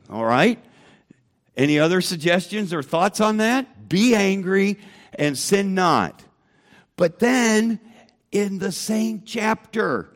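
A man's voice: high-pitched, fairly bright tone. A man teaching a Bible lesson to a church group, emphatic and asking the room questions.

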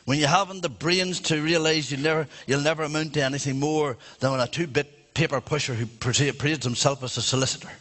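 A man's voice: on the high side, pushed and bright, in a large hall, pitched above the performer's own voice. A man preaching voices an elderly grandmotherly woman who bluntly scolds people, in a church. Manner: scolding, outspoken.

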